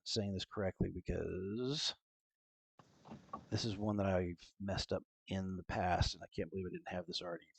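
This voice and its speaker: A man's voice: low voice, lively intonation, normal speed, vocal fry, slightly rough, dry recording. A man working as game master, explaining rules with frequent fillers in casual chat on a call. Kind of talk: running a tabletop game online.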